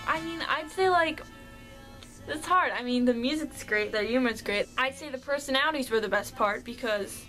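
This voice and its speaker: A woman's voice: a little high, fairly bright tone, low-quality recording. A young woman vlogger chatting casually through a fan question list, rambling and a bit shy.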